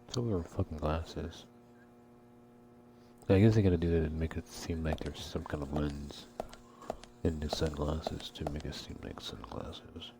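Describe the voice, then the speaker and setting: A man's voice: very deep voice, fairly even intonation, a little slow, vocal fry, very noisy. A man giving casual let's-play commentary, rambling and crude, swearing a lot. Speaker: gameplay commentator. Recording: game music behind voice.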